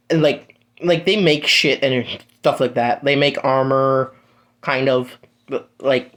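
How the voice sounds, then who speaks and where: A young man casually improvising a fan-fiction story, rambling with lots of fillers and swearing. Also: medium pitch.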